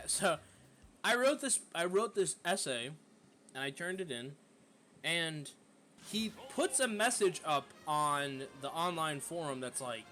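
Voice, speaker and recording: A streamer spins a casual, profanity-laced story in a high, bright voice. His pitch jumps all over the place as he talks, and faint music plays behind him. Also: a little slow. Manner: profane, animated, with lots of fillers.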